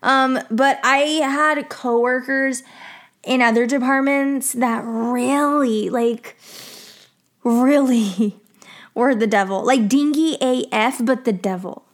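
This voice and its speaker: Young woman vlogger, a bit high, chatty storytime with lots of "like", swears freely. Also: steady tone, slow pace. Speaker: vlogger telling a work story. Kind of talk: casual storytime monologue.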